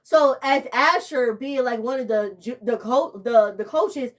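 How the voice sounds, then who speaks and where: Young woman, emotional rambling vlogger, slightly high voice. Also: unhurried. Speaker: TV show reviewer. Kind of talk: casual vlog review.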